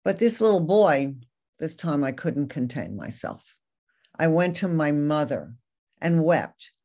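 A woman's voice: low-pitched, very animated, unhurried, mellow. A woman Torah teacher giving a lecture, earnestly retelling a story and reading quoted passages aloud.

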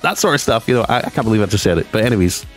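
A lower-pitched man talks through gaming news in a loose, chatty vlog. He rambles, backtracks, and speeds up and slows down as his excitement comes and goes. Faint music plays quietly behind him. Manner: chatty and rambling, with frequent restarts and asides; excitable, shifting between fast and slow delivery.

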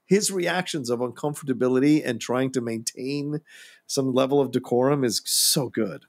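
A man co-hosting a casual film podcast, chatty and packed with trivia. His mid-pitched voice is gravelly and husky, with a rough edge. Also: normal speed. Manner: conversational, many fillers, trivia-minded. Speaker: podcast co-host.

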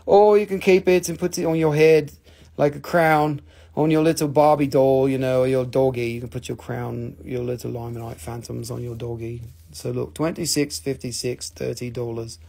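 A man hosting a casual live-stream sale, excitable and joking with viewers, swearing freely. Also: mid-range voice, moderate pace, vocal fry. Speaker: live-stream mineral seller.

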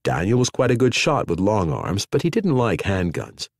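Male audiobook narrator, lowish voice, very lively pitch, dry studio mic. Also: moderate pace, creaky, no room sound. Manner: expressive storytelling. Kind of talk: scripted narration.

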